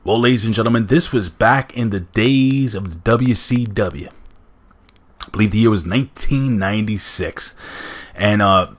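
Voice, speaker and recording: This countdown commentary host talks at normal speed in a lowish voice. Casual and enthusiastic, he speaks straight to the people watching.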